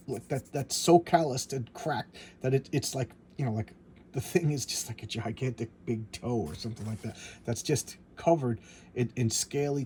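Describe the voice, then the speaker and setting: A man's voice: medium pitch, a little mellow, a little hiss or hum. A middle-aged man chatting casually as a comic collector, rambling and often stammering and repeating words. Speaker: comic book collector vlogger. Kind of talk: casual chat.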